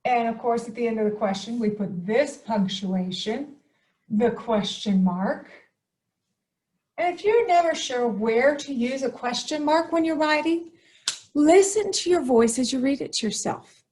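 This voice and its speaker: Upbeat lady teacher walking kids thru a writing lesson, kinda high voice. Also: expressive, darkish tone, breathy edge. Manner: upbeat, explains slowly and stresses key words.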